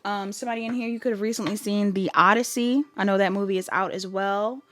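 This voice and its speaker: A woman runs a casual pick-a-card tarot reading, chatting freely and breaking into laughter while she thinks aloud. Her voice sits at an ordinary middle pitch. The recording is close and dry, with no room sound. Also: fairly even intonation, fast, fairly bright tone, dry recording. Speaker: tarot reader.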